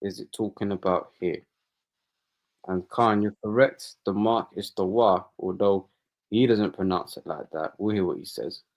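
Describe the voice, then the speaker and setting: Guy with a lowish voice reading bible verses, preachy, says "man" a lot. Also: normal speed. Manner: preachy, frequent "you know" and "man". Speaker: co-host reading scripture. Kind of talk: religious podcast discussion.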